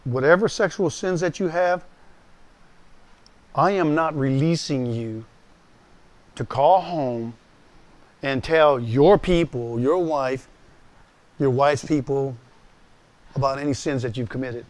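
A male pastor giving a personal testimony sermon, speaking directly and conversationally to his listeners, animated as he acts out the voices he quotes. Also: mid-range voice, slow pace, pauses often.

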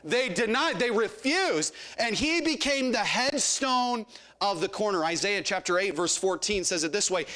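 A man with a Southern US accent preaching a sermon as pastor, asking the congregation questions and calling on members by name, rising to loud calls and dropping low. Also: expressive, unhurried. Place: church sanctuary.

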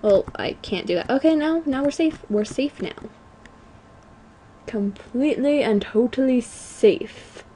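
A teenage girl talks through a video game at home in a slightly high voice, unhurried and rambling. She apologizes often and mocks herself, then erupts in bursts of excitement. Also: slight background noise. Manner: chatty, apologetic, self-mocking, bursts of excitement. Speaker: let's play gamer. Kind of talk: casual gameplay commentary.

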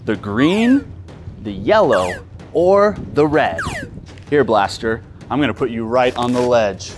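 A young woman hosts a kids' educational show in a low voice that swoops up into excited squeals. She talks slowly and clearly to little children, with background music underneath. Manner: excited exclamations, slow and clear for kids.

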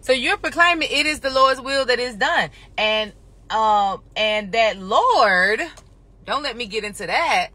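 A woman's voice: a little high, lively intonation, a little slow, pushed and bright, dry recording. A woman talking casually on a phone live stream as a spiritual teacher, chatty and folksy, calling listeners honey and y'all.

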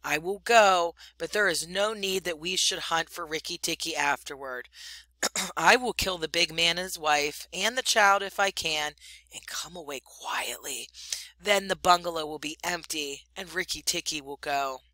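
A ruthless male cobra murmurs his lines slowly and with menace, as a woman voices him in a story. The voice is bright and close, recorded dry. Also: lowish voice, dry recording, low-quality recording. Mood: menacing.

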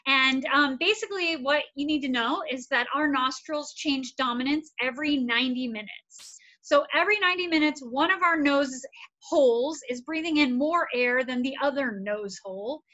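A woman's voice: high-pitched, moderate pace, bright, forceful tone, highs cut off. A woman therapist giving a casual, upbeat wellness workshop, encouraging and repetitive. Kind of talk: casual instructional talk.

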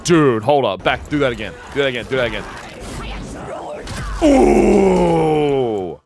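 A young man hosting a reaction video, excitedly shouting, swearing and laughing as he watches. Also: medium pitch, racing, music in the background.

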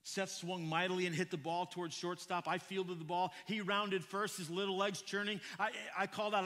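A male pastor telling a story in a sermon, animated and often repeating his first words. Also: sits high, moderate pace, few pauses. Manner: animated, repeats words when starting sentences. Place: church. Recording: echoey church hall.

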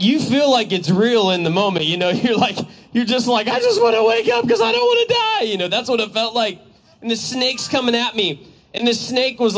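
A man's voice: high voice, rough recording. A young man preaching as an evangelist, telling a vision and a Bible story with fervent energy and casual fillers. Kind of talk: preaching a sermon.

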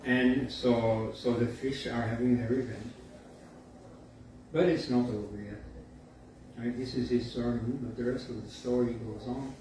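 A man giving a university lecture in a storytelling way, often pausing with fillers and asides like "you see.". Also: medium pitch, steady tone, mellow. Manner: conversational, frequent "you see" and filler pauses. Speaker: guest lecturer. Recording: echoey hall from far off, faint background noise.

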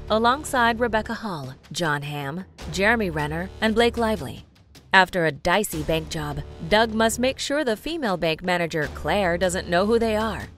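A woman's voice: mid-range voice, a bit bright. A woman reading film summaries as a scripted countdown narration.

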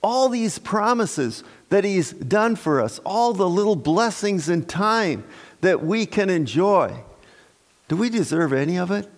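A male pastor delivers a Sunday sermon at a very deliberate, drawn-out pace, his slightly raised voice carrying through a church sanctuary. Long reverb from the hall trails after each phrase. He keeps a homely, folksy manner, restarting sentences and tossing in light asides. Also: high voice, lively intonation. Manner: unhurried, folksy preaching with many restarts and fillers; joking asides to the congregation.

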